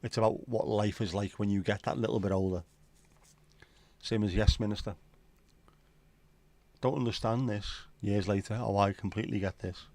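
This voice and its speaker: A man's voice: fairly low pitch, fairly even intonation, moderate pace, long pauses, darkish tone. A middle-aged man hosting a livestream, rambling through jokey pub-style banter while reading out chat. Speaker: livestream host. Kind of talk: casual chat reading viewer comments.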